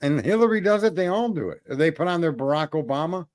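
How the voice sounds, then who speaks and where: A man's voice: on the high side, lively intonation, fast, darkish tone. A man co-hosting a casual political chat, rambling, swearing often and restarting his sentences. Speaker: podcast co-host.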